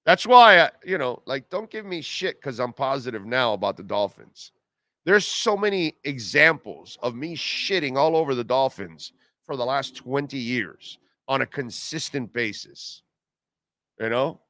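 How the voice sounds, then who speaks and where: A man's voice: medium pitch, expressive, a little slow, sharp tone, no room sound. A man hosting a live sports radio show, ranting sarcastically and reading listener comments. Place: car dealership live broadcast.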